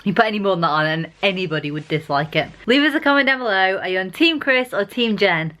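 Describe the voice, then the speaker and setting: English woman, daily vlogger at home; mid-pitched, chatty and eager. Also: animated, fast, fairly bright tone. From England. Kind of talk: casual vlog chat.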